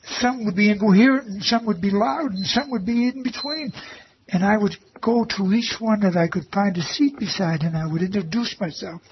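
A man with a fairly high voice tells his faith testimony in an earnest, reverent way and repeats key phrases for emphasis. The recording is a little dull and lo-fi, with a faint hum of ambience behind him. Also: moderate pace. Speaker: volunteer who read the Bible to elderly residents. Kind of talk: personal faith testimony, told as a story.

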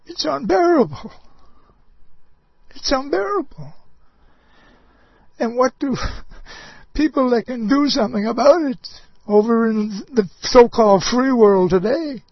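A man preaching a sermon, impassioned, swinging between loud outbursts and soft low asides. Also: measured pace, no room sound, dull audio.

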